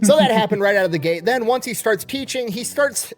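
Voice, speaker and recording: A man casually telling a history story, animated, swearing and acting out the people he quotes. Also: sits high, a little fast, soft background music.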